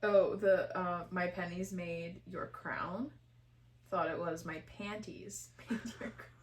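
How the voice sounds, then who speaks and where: A woman's voice: on the low side, steady tone, slow pace, slight background noise. A young woman co-hosting a podcast, casually reading listener submissions aloud and giggling often. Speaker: podcast co-host. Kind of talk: casual chat.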